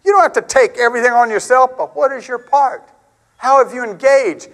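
A middle-aged man preaching a sermon in a conversational, animated way, acting out quotes and stories. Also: brisk, poor audio. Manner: animated, conversational, acts out quotes with big pitch swings.

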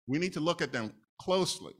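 A man's voice: a little high, animated, brisk, husky. A man from New City, preaching a casual, conversational sermon with laughing asides. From New York City. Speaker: lay preacher.

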